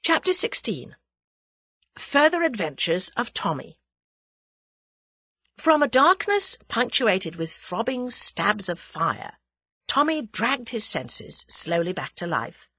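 A woman narrating a novel as an audiobook in a measured, expressive reading. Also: medium pitch, slightly rough, dry recording. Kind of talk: scripted narration.

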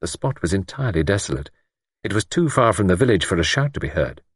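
A man narrating an audiobook story in a measured, expressive way. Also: low-pitched, husky, no echo, clean studio sound.

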